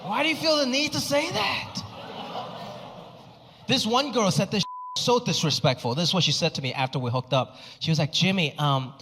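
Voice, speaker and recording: A man with a fairly high voice performs stand-up on a comedy stage. His delivery is animated, and he jumps his pitch around to act out the people in his stories. The sound carries a long hall reverb and clear crowd noise behind it. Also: moderate pace. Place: comedy stage before a live audience.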